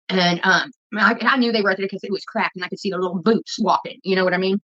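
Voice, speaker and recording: A woman's voice: medium pitch, rapid-fire, sharp tone, dull audio. A woman vlogger telling a rambling, profane story while she cooks. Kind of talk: casual storytelling while cooking.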